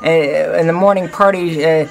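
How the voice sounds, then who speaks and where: A man's voice: on the high side, steady tone, normal speed, creaky, slight background noise, pitched above the performer's own voice, poor audio. A man doing an eager little bird.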